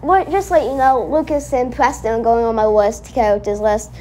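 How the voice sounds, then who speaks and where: Brief: high-pitched woman, reaction host, indignant rambling rants aimed at the screen. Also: fairly even intonation, normal speed, darkish tone. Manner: indignant, rambling, talks back at the cartoon. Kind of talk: casual reaction commentary.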